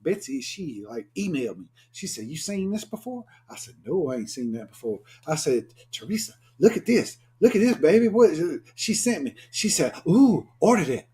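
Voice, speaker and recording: A man's voice: on the high side, sing-song, moderate pace, few pauses, a little mellow. A man co-hosting a casual live stream, joking and greeting viewers by name in a drawl.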